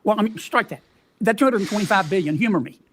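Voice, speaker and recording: Man, high voice, folksy drawl, leading questions, hearing-room questioning. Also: lively intonation, fast talker, fairly bright tone, slight background noise.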